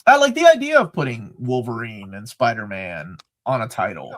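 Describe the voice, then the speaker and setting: A middle-aged man co-hosting a casual live chat, animated and joking, often restarting his sentences. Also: mid-range voice, moderate pace. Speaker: co-host.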